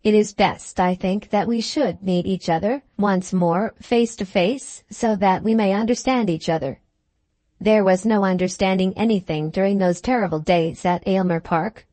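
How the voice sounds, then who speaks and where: A woman reading the part of a resolute young Victorian woman in an audiobook, measured and firm. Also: medium pitch, warm tone, no echo, lightly acted.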